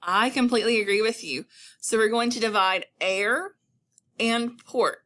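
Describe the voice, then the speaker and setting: A woman teacher giving a recorded phonics lesson to young children, speaking slowly and encouragingly with clearly enunciated words. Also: on the high side, pushed and bright. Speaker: elementary school teacher.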